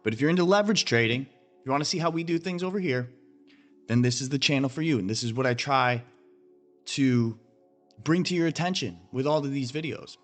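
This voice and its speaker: A blunt man runs through his trading charts in a brash, swearing rant and keeps addressing the viewers directly. His voice sits at an ordinary middle pitch. Soft music plays faintly behind him. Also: fairly quick. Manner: blunt, profane, emphatic, talks straight to viewers. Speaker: crypto trading channel host. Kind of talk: ranting chart analysis.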